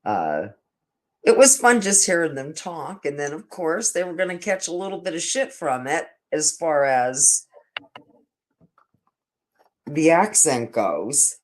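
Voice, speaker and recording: A man's voice: on the high side, big pitch swings, takes it slowly, pauses often. Older man rambling through a casual story. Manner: meandering, with frequent restarts and stammered repeats. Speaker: vlogger.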